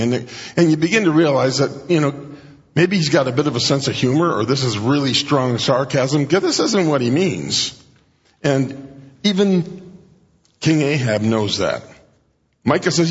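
A man preaches a sermon in a husky voice, talking conversationally and often pausing to clear his throat. He lifts his pitch to play the people he quotes. The sound is dull and carries a long reverb from a large hall. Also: expressive. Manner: conversational, acts out quoted speakers with raised pitch; frequent throat clearing and restarts.

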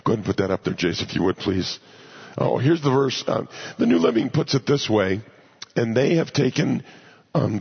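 A man teaching the Bible verse by verse in a conversational way, pausing to ask his listeners rhetorical questions. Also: lowish voice, creaky, breathy edge. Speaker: pastor. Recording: dull lo-fi recording.

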